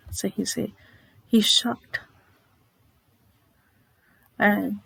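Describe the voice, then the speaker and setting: A woman's voice: mid-range voice, creaky, breathy edge, no echo, rough recording. A woman teacher retelling a short story in a literature lesson, asking herself questions and checking in with "okay?". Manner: explanatory, asks rhetorical questions, checks with "okay?".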